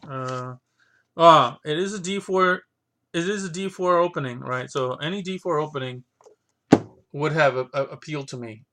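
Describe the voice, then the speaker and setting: Guy with a bright, kinda forceful voice just rambling and thinking out loud, lots of restarts. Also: a little high, normal speed. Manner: thinking aloud, rambling with many restarts and fillers. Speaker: vlogger reviewing his chess books. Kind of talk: casual unscripted talk.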